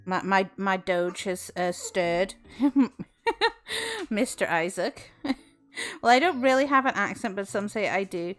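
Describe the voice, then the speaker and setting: A woman's voice: mid-range voice, sing-song, slow pace, long pauses, soft background music. Giggly woman, teasing streamer. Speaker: streamer and voice actress. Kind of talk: casual chat and folklore storytelling.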